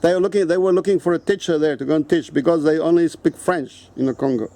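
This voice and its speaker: A man's voice: on the high side, fast talker, mellow. Profane ranting South African man. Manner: profane, repetitive, confrontational. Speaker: video host. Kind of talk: angry rant to camera.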